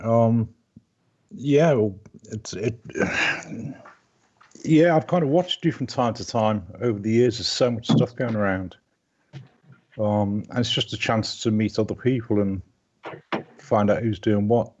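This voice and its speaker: A man in his fifties with a Liverpool accent chats as a guest, his voice sitting a touch low. He rambles and restarts his sentences as he goes. The sound is dull and lo-fi, like call audio. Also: unhurried, a little mellow. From Liverpool, England. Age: 50s. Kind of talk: casual live-stream chat.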